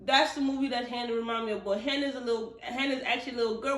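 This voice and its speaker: Woman book reviewer, lively and profane, roomy space. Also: fairly high pitch, racing. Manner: animated, profane, chatty storytelling. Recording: roomy echo.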